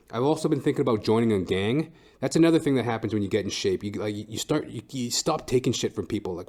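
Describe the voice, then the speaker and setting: Talking fast in a mid-range voice with a dark tone, a young comedian hosting his podcast rambles profanely, swearing nonstop and restarting often between fillers. The recording sounds muffled.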